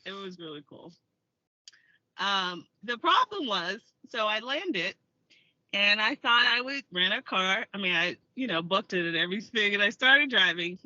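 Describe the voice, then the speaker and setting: A woman's voice: mid-range voice, animated, a little slow, bright, forceful tone, no echo, dull audio. An American woman, an actor and filmmaker, telling stories as an interview guest and laughing often. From United States. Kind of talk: casual interview storytelling.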